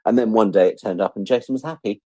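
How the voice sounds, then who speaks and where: A middle-aged man telling stories as a guest in a casual interview, animated and acting out the voices of the people he quotes. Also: lowish voice, fast, no room sound.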